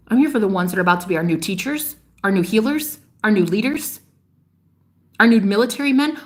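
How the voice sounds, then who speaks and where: A woman delivering a fiery, preachy monologue straight to her viewers, swearing freely and scolding them, with sharp jumps in pitch on her outbursts. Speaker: spiritual vlogger. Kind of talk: ranting monologue to camera.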